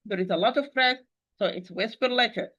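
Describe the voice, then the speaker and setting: A woman's voice: fairly high pitch, a little fast, a bit bright, highs cut off. Patient woman teaching Quran recitation. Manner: patient, repetitive, addresses listeners as dear sister. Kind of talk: online tajweed lesson.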